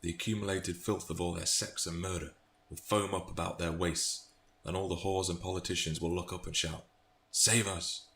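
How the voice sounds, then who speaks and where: A British man voicing a grim masked male vigilante reading his journal in a hushed, gravelly way. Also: deep voice, level tone, normal speed, hardly any pauses. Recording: echoey room, faint noise.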